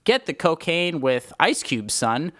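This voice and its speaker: A young man with a slightly high voice talks movies in a chatty, opinionated way and laughs easily. The sound is close and dry, with almost no room around him. He calls himself a film snob and sounds like one. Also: very animated, unhurried, a bit bright, dry recording. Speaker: podcast co-host. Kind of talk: casual movie chat.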